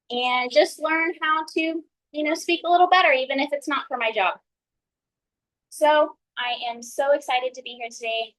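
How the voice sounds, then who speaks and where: A woman's voice: high-pitched, a bit bright, low-quality recording. A young woman with a Texan accent giving a friendly, earnest ice-breaker speech at a public speaking club. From San Antonio, Texas. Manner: friendly, earnest, laughs between points. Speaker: Toastmasters speaker.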